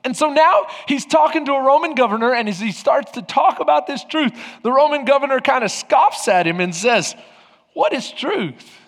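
A man's voice: very high-pitched, animated, fairly quick, hardly any pauses, fairly bright tone, big-room sound. A male pastor preaching a sermon to his congregation, asking them rhetorical questions. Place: church sanctuary.

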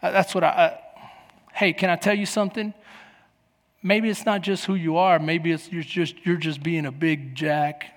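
A man in his forties preaching a sermon as pastor, telling stories with lively acted-out voices and shouts. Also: on the high side, normal speed, in a large hall. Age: 40s. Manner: animated storytelling, acting out voices and shouts. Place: church.

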